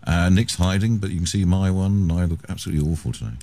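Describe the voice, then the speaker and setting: A man's voice: deep voice, steady tone, fast, dark tone. A man hosting a radio show, chatting casually and trading cheeky jokes with his guest. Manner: joking, teasing, cheeky. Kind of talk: casual on-air banter.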